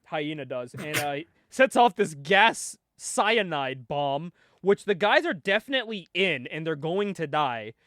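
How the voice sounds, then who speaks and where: High, lively, laughing man recapping a comic. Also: measured pace, few pauses, slight background noise. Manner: laughs often, swears, jokey. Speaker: podcast host reviewing a comic. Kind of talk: casual comic recap with acted quotes.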